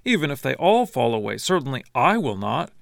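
A man's voice: mid-range voice, big pitch swings, fairly quick, vocal fry, no echo, clean studio sound. A man reading the lines of Peter, an impulsive loyal disciple who speaks emphatically, in a scripture reading. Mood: insistent. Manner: emphatic, insistent.

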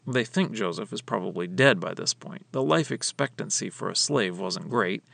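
A male Bible teacher reads a chapter aloud and then explains it in a measured, expressive way. His voice is strongly gravelly and varies widely in pitch. The recording is dry and close. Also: no room sound. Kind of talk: scripture reading and commentary.

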